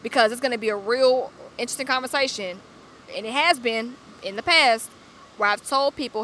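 A young Atlanta woman hosts a podcast in a casual monologue, speaking bluntly and full of slang. Her Southern accent rides on a bright, fairly high voice. She tells her stories candidly and with animation. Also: fairly quick, slight background noise. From Atlanta, USA. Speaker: podcast host.

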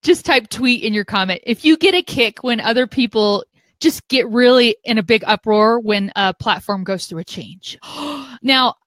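A woman's voice: a little high, expressive, a bit bright, dry recording. A woman co-hosting a live video show, chatting casually and playfully with her co-host and viewers. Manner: playful and chatty, quick to joke. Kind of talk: casual live-stream chat.

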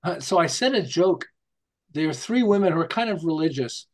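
A slightly high, slightly fast voice belongs to an American marketing author who is a guest on an interview show. He tells stories animatedly, acting out quotes and scenes, joking, rambling, and restarting his sentences as he goes.

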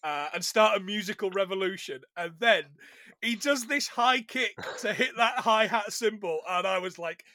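Man in his forties, podcast co-host, bright high voice, lively and expressive, dry close sound. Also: moderate pace, no echo. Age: 40s. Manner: animated, swearing, laughs often. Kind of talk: casual film podcast chat.

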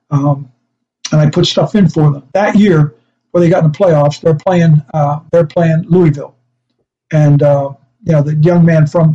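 An older man, a guest who once coached special teams, spins long, wandering stories in a casual interview. His voice is warm and mellow, pitched a bit high, and he chuckles, interrupts himself, and stumbles over how he begins. The recording sounds dull and lo-fi.

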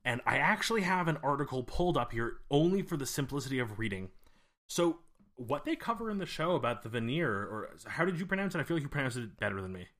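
A man's voice: medium pitch, sing-song, quick pace, fairly bright tone. Easygoing man chatting with fillers. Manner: rambling, hesitant, with many fillers and restarts. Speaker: podcast co-host. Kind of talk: casual podcast discussion.

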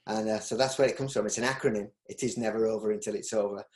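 Speaking fast in a fairly low, darkish, steady voice, this middle-aged Yorkshireman is a business owner guesting on a casual interview. His talk wanders, full of restarts and ums, and the recording has a roomy echo.

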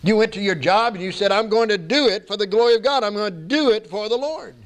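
High-voiced preacher man, earnest. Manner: earnest preaching with slow emphatic stretches. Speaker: pastor. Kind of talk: sermon.

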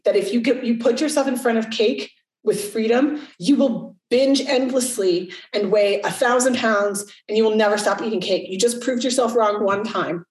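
A middle-aged woman co-hosting a podcast, chatting candidly and swearing freely. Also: on the high side. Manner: candid, swears freely, acts out quoted voices. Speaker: podcast co-host. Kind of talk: casual podcast chat. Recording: roomy, slightly distant mic.

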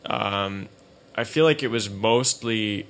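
A male comedian chatting on a podcast with a fairly low voice, drifting through his stories with plenty of ums and likes. He sounds relaxed and unhurried. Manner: relaxed storytelling with filler words. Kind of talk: casual chat.

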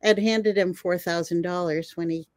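An older woman, a herbalist guest, telling animated stories in a conversation and laughing often. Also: fairly low pitch, moderate pace, no echo. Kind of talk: storytelling in a conversation.

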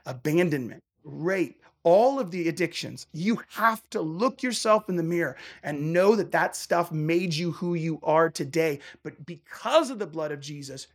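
A man's voice: high voice, breathy edge. A man, a traveling worship musician, telling a passionate faith story and acting out the back-and-forth of a conversation. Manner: animated, acts out dialogue in quick bursts.

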